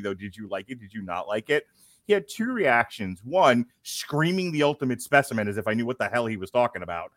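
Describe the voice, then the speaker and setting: A middle-aged man co-hosting a casual movie-review podcast, excitable and rambling, full of fillers and laughter. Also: mid-range voice, no room sound. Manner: rambling storyteller with many fillers. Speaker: podcast co-host.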